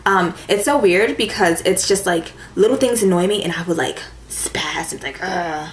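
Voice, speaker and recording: A woman's voice: fairly low pitch, lively intonation, normal speed, a little hiss or hum. A young woman chatting casually to camera as a beauty vlogger, with a valley-girl lilt and lots of "like". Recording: echoey room with faint ambience.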